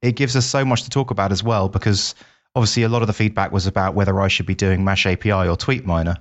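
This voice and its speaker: Low-pitched and fast, this man co-hosts a podcast and chats casually about his plans. He comes across as lively and eager to share them, though the recording sounds dull and lo-fi.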